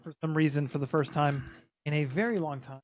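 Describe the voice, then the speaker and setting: A man's voice: a little high, a little fast, darkish tone. Casual man running a tabletop game. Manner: casual, laughing, stumbling over words. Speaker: game master.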